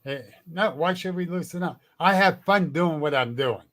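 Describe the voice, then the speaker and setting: A man's voice: fairly high pitch, normal speed, a bit bright. A man chatting as a guest, telling stories bluntly with plenty of cursing and frequent laughter. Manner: blunt and salty, laughs often. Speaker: guest, cryptid researcher. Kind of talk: casual storytelling chat.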